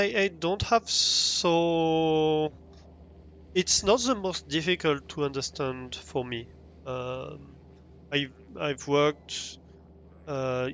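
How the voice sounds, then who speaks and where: Streaming a game, a French-accented man chats away in a high-leaning, fairly bright voice. The highs are cut off and there's slight background noise. His talk rambles with many restarts and ums, and he laughs readily.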